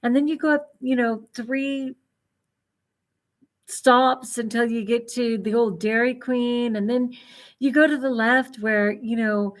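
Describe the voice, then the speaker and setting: A woman's voice: on the high side, fairly even intonation, measured pace. A middle-aged woman vlogger chatting casually on a livestream, rambling and laughing often.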